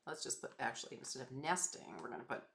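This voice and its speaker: A woman's voice: rumbling low, quick pace, creaky, a bit bright, a little hiss or hum. A woman photographer chatting casually as she edits her photos, muttering names to herself between chatty asides. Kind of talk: casual chat while working.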